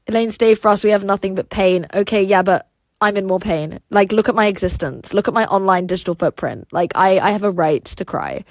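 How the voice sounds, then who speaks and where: A woman's voice: medium pitch, brisk, no echo. A woman in her twenties with a British accent, a native Russian speaker, chatting casually on a livestream and reading out viewer comments, blunt and profane, laughing often.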